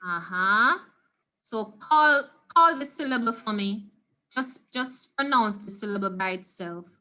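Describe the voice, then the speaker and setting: A woman with a Jamaican accent teaching a Spanish class over a video call, patiently repeating words slowly for her students. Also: a little high, animated, sharp tone. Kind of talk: online class lesson. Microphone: computer mic on a video call.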